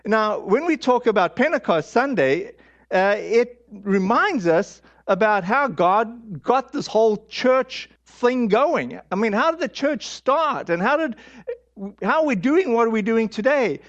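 A man preaching a storytelling sermon, halting and candid, with frequent fillers and restarts. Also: very high voice, lively intonation, lo-fi sound. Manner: candid, self-deprecating.

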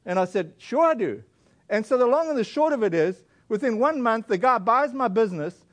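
A man's voice: very high voice, animated, fairly quick, fairly bright tone. A man from South Africa preaching a sermon, telling a personal testimony in an earnest, storytelling way with many restarts. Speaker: pastor.

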